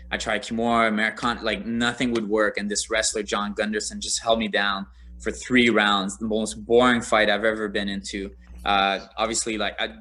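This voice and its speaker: A man, a former MMA fighter, telling stories in a casual interview, animated and rambling with frequent laughter. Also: lowish voice. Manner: animated, rambling, laughs often, many fillers.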